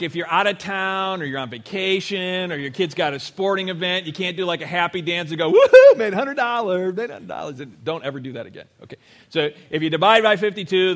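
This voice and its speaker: A man's voice: a little high, a bit bright. A man preaching a sermon to his congregation in a church, talking to them conversationally, often checking in with "right?" and acting out little quotes. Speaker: pastor. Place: church sanctuary.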